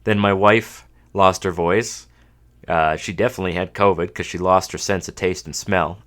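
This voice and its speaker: Male podcast host, 30s, from Canada, very low voice, congested, wry casual monologue. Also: steady tone, normal speed, fairly bright tone. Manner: dry, self-mocking humor. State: stuffed up from a cold.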